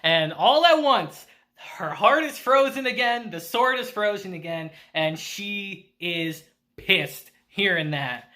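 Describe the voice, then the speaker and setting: A woman casually recapping an anime episode, laughing often and acting out the characters. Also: medium pitch. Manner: laughs often while retelling; animated, acts out characters in quick asides. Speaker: anime reviewer.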